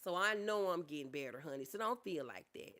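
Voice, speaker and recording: A middle-aged woman on a casual livestream who reads viewer comments aloud, calls her viewers honey and y'all, and speaks openly and softly about grief. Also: deep voice, expressive, a little fast. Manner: talks openly about grief, softening and trailing off.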